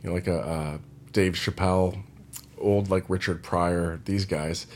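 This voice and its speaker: Laid-back man with a low voice. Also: fairly even intonation, measured pace, darkish tone, a little hiss or hum. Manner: loose and meandering, heavy use of "like". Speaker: indie rock singer and vlogger. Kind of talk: casual rambling vlog chat.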